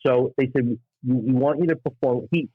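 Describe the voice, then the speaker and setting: A middle-aged man from New York, a stand-up comic telling anecdotes in an animated way and acting out the people in them. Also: medium pitch, husky, no room sound, phone-quality sound. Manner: acts out voices in anecdotes, quick asides. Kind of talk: animated storytelling.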